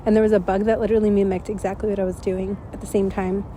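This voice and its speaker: A woman's voice: medium pitch, level tone, racing, mellow, slight background noise. A woman giving a casual spoken channeling message, rambling and dreamy with many fillers, a bit congested and stuffy. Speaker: spiritual channeler. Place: outdoors at dusk.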